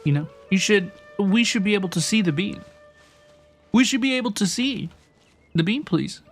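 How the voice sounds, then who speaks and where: A young man with a notably high voice chats playfully with his live-stream viewers as he plays, greeting them and repeating his little phrases. Faint game music sits behind him. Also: animated, normal speed. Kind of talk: casual live-stream chat while gaming.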